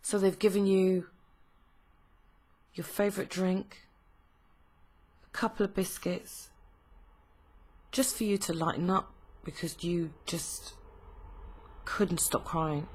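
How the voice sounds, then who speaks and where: A woman giving a tarot reading, told as a slow, emotive second-person story with frequent pauses. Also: fairly low pitch, steady tone, darkish tone, husky. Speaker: tarot reader.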